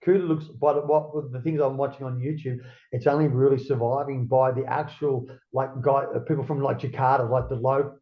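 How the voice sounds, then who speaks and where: A man's voice: mid-range voice, level tone, fairly quick, dull audio. An Australian man, a guest in a casual interview, rambling and swearing freely, with "mate" in nearly every line.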